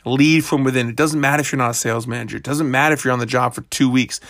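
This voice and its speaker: A man's voice: medium pitch, fairly even intonation, very fast, fairly bright tone, no room sound, studio quality. A young man hosting his own podcast, talking casually and bluntly in a rambling motivational monologue that is full of swearing. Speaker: podcast host.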